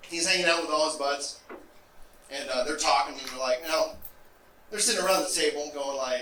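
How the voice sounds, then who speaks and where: A man doing a stand-up comedy set on stage, delivering deadpan setups with wry asides. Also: a little high, fairly quick, long pauses. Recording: roomy, distant live club recording with noise.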